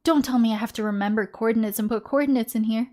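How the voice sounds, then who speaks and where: A woman's voice: on the high side, fast talker, darkish tone. A woman streaming a video game live, anxious and swearing as she talks to herself and thanks viewers. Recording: faint music behind.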